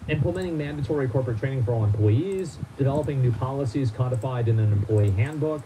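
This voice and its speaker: A man streaming, reading a formal statement aloud and breaking off into halting, incredulous asides. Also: mid-range voice, expressive, heavy background noise.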